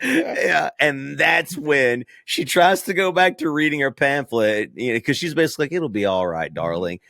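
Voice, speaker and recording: Laughing, lively podcast co-host man. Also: on the high side, normal speed, gravelly, no room sound, studio quality. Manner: animated storyteller, laughs often. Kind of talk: casual chat.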